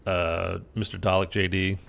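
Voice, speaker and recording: A male gaming YouTuber chats loosely over his gameplay, rambling and leaning on fillers. His voice is fairly low and gravelly, with a bright, forceful edge. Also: level tone, normal speed. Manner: rambling, filler-heavy, chatty. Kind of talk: casual gameplay commentary.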